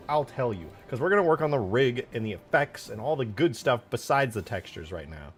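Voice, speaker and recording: Young dude streamer, super animated voice, goofy, yells a lot, faint music behind. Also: male voice, medium pitch, a little fast, few pauses. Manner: excitable, jumps to loud shouts and goofy banter. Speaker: livestreaming game modder. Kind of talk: casual live-stream chat.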